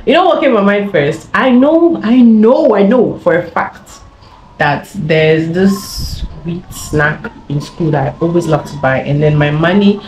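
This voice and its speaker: A woman's voice: lowish voice, expressive, measured pace, a little mellow, slight background noise. Young woman from Ghana, chatty YouTuber storyteller, rambling, echoey room. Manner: chatty, laughing, rambling with many fillers. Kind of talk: casual story time. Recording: echoey room with faint ambience.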